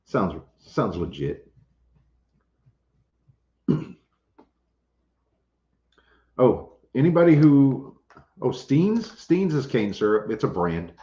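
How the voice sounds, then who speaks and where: Slow, easygoing man. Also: medium pitch, sing-song, mellow. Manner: laid-back, joking, chuckles often. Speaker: homestead channel host. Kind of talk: casual livestream chat, reading viewer comments. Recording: roomy, dull lo-fi audio.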